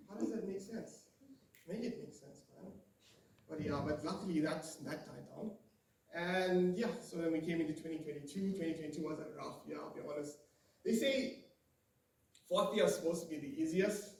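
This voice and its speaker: A man's voice: fairly high pitch, moderate pace. A young South African man in his twenties doing his first stand-up set, chatty and loose, talking to the crowd. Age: 20s. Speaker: stand-up comedian. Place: live comedy room. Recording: echoey room, mic a bit far.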